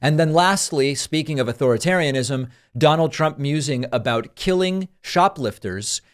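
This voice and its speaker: A man hosting a political news commentary show, delivering dry, sarcastic remarks. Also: medium pitch. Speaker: host.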